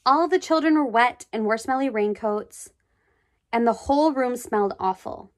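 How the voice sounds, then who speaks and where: A woman reading a children's book aloud, expressive, with chatty asides. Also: fairly high pitch, moderate pace. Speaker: storybook reader.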